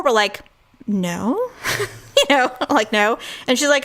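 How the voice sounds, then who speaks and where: Animated storytelling woman, fairly high voice. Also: moderate pace. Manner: animated, acts out quotes with voices, laughs often. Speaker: podcast co-host. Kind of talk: casual storytelling chat.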